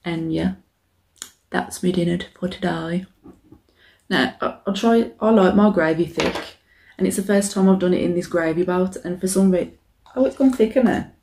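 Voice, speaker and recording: Eating on camera, a young woman who makes mukbang videos chats casually, swears freely, and mocks herself. Her voice is lowish and darkish with vocal fry, at a moderate pace.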